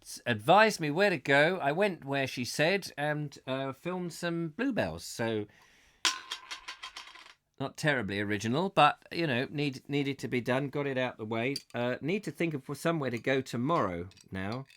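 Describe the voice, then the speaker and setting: A man's voice: medium pitch, moderate pace. A man hosting a live call-in chat show, rambling and joking as he chats to callers, with a slight cough. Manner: chatty, jokey, animated, laughs often. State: recovering from a cough.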